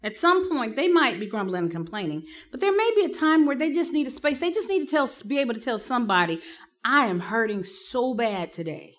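A woman's voice: high-pitched, fast, few pauses. A woman giving a live talk to counselors, telling stories with humor and acting out the people she quotes. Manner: lively, humorous storytelling with acted-out quotes. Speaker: speaker teaching counselors.

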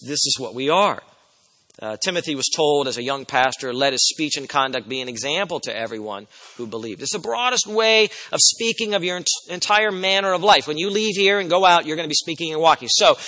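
Forceful male preacher in an echoey hall. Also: a little high, brisk. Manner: emphatic, shifting from loud stresses to quiet asides. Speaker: pastor. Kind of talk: expository sermon.

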